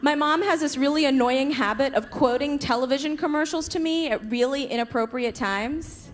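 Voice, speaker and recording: A young woman performing a stand-up comedy set on a club stage, punchy and quick. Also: high voice. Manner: punchy, quick impressions of her parents. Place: comedy club stage before a laughing crowd. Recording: noisy live club recording.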